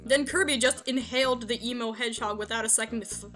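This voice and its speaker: A high, bright woman's voice reading fanfiction aloud on a stream in a quick, casual narration, breaking into giggles. Faint music runs in the background. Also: fairly even intonation. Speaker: streamer host.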